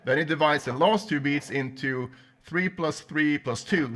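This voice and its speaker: Chatty man teaching guitar over loud playing. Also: fairly high pitch, unhurried. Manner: loose, chatty, swears casually, counts beats aloud while playing. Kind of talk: casual livestream guitar lesson. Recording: guitar playing loudly behind voice. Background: loud electric guitar.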